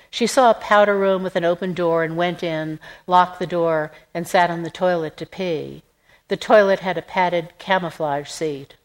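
A woman reading a literary novel aloud in an even, measured narration. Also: fairly low pitch, low-quality recording. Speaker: audiobook narrator. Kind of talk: scripted narration.

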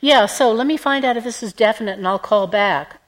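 A woman voicing a restless, wry heroine who talks quickly in an audiobook. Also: on the high side, voice pushed up, close to an everyday voice, low-quality recording. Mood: brisk.

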